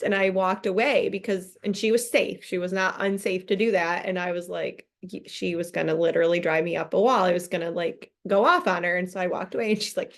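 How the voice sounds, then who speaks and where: Woman, book club host, casual chat, animated, frequent laughter, mid pitch, video-call audio. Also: moderate pace. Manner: animated, laughs often, acts out quoted voices.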